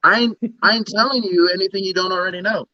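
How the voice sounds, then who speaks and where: A man's voice: high-pitched, quick pace, no echo. A man co-hosting a casual podcast, telling stories and acting out bits. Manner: animated storyteller, acts out bits. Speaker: podcast co-host. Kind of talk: casual chat. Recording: dull lo-fi sound.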